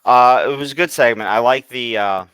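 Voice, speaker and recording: A man co-hosting a casual wrestling podcast, giving relaxed opinions and frequent short agreements. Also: medium pitch, moderate pace, clean tone, dry recording. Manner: laid-back, mostly short agreeing replies. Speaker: podcast co-host. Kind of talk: casual wrestling recap chat.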